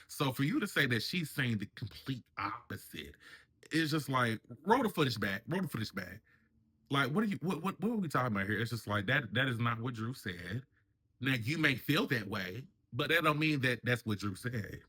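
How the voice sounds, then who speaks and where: Bright-voiced man chatting show commentary. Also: mid-range voice, animated, moderate pace, slightly rough. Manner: chatty, acts out cast members' lines in raised voices. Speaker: reality TV commentary host. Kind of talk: casual review commentary.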